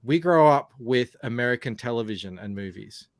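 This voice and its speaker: Australian male podcast host, casual and talkative, mid pitch, very dry close mic. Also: animated, normal speed, no room sound. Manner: chatty, explains with asides. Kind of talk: casual chat.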